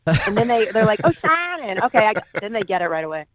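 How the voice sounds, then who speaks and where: A woman guest on a podcast, chatting casually, often laughing and pausing with fillers. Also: mid-range voice, no room sound. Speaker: guest actress. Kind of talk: casual interview chat. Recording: tinny phone-line sound.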